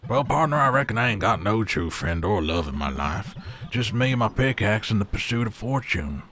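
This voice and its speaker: Folksy raccoon gold-digger voiced by a man; very deep, old-timey drawl. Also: lively intonation, moderate pace, fairly bright tone, a little hiss or hum. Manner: old-timey drawl, says "partner" and "reckon". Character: folksy male raccoon prospector, dreamy and wistful. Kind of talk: AI-voiced game character.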